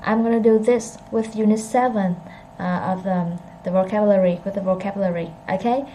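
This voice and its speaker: A woman teaching an English pronunciation lesson, repeating phrases slowly and correcting herself as she goes. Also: medium pitch, mellow, slight background noise, poor audio.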